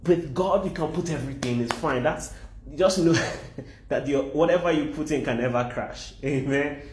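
Animated preacher man in an echoey room. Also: on the high side, normal speed, a little hiss or hum. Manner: animated, repeats phrases for emphasis. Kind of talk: sermon.

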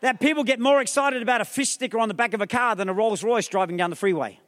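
A male pastor preaching an energetic sermon, rousing the crowd with repeated questions and calls, mixing in humorous asides. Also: sits high, fast. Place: large theatre hall. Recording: long reverb of a large theatre.

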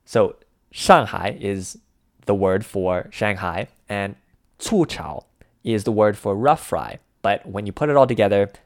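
A man co-hosting a language lesson, calmly walking through Mandarin phrases for ordering food. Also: lowish voice, no echo, studio quality. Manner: unhurried, walks through each dish step by step. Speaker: language podcast co-host.

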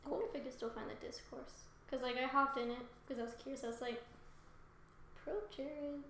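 A young woman co-hosting a podcast in casual chat, animated and joking, swearing freely. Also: on the high side, quick pace, gravelly, noisy background. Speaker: podcast co-host. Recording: echoey room.

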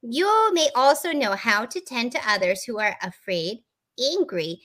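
Bright-voiced woman reading tarot cards. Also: on the high side, sing-song, unhurried. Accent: Midwestern American put-on. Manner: playful, giggly, slips in and out of a put-on Midwestern mom voice. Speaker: podcast co-host reading tarot. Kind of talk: casual chat.

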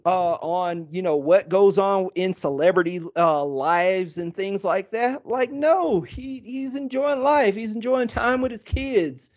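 High-voiced man rambling in casual chat. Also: a little slow, hardly any pauses, a little mellow, dull audio. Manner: rambling, lots of fillers, restarts. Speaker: podcast co-host.

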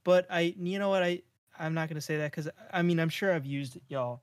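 Laid-back young man with a higher voice. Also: a little fast, no echo, clean studio sound. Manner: easygoing, laughs often, teasing. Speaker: podcast co-host. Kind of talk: casual chat.

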